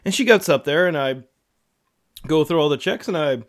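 A man's voice: a little high, expressive, moderate pace. A man co-hosting a podcast, telling a story casually with many fillers and acted-out quotes. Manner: rambling, lots of fillers, acts out quotes. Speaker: podcast co-host.

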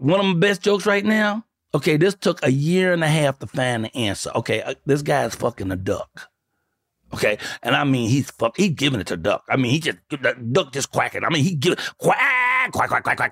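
A man hosting a casual comedy talk show, his voice gravelly and swinging widely in pitch as he riffs and tells crude jokes. The sound is dry and close, with no room around it. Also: a bit bright, no echo. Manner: loose, profane, joke-telling banter. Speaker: podcast host and comedian.

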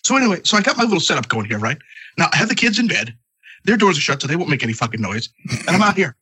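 A man's voice: fairly high pitch, very animated, very fast, pushed and bright, husky, no room sound. A man hosting a podcast, telling a long comic story full of profanity while congested. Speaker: podcast host. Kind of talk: casual podcast chat.

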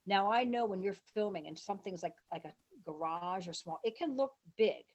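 A woman guest in an interview, telling long rambling stories and acting out what people said in lively voices. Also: medium pitch, normal speed, dull audio. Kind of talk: casual storytelling interview.

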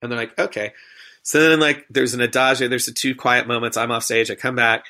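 A man, a stage performer and emcee, telling an animated story and acting out the quoted lines. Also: mid-range voice, brisk.

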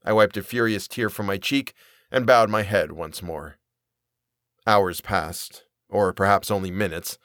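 A man reading a period story aloud as narrator, in an expressive, measured way. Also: lowish voice, no echo, studio quality. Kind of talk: audiobook reading.

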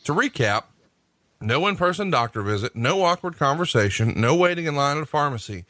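A male podcast host, doing jokey, brisk ad reads in a casual way. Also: on the high side, expressive, sharp tone, no echo.

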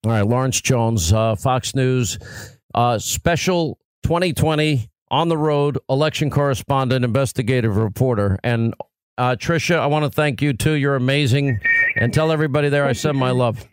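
A man's voice: mid-range voice, moderate pace, smooth, dry recording. A middle-aged man hosting a political talk radio show, speaking in an impassioned, emphatic way.

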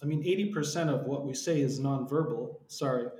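A man hosting a podcast conversation, steady and reflective, now and then pausing on filler words. His voice sits at a middle pitch. The recording carries a noticeable roomy echo. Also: slight background noise. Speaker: podcast host.

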